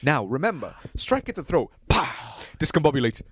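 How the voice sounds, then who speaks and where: Brief: pompous British gentleman Batman, put on by a man, stern and fussy, dry close sound. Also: a little high, big pitch swings, moderate pace, breathy edge, no echo, full character voice. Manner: mock-posh, pompous delivery.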